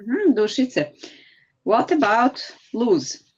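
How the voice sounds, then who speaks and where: A woman's voice: on the high side, sing-song, slow pace, darkish tone, husky, lo-fi sound. A woman with a Serbian accent teaching an English grammar class online, patient and encouraging as she explains step by step.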